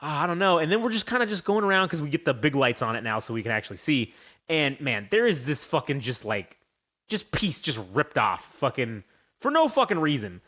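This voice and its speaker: A young man hosting a casual podcast, telling stories in a profane, animated way. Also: on the high side, a little fast. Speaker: podcast host.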